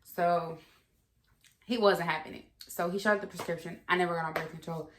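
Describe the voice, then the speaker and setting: In an echoey room with a noisy background, a young female vlogger rambles through a story from her own life, full of fillers and casual swearing. She's candid and relaxed, with a lowish voice, fairly even intonation and normal pacing.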